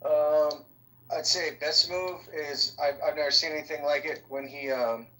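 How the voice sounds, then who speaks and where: A man calling into a political panel, talking casually and hesitantly with many pauses and ums. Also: fairly high pitch, fairly even intonation, bright, forceful tone, poor audio. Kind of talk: casual chat.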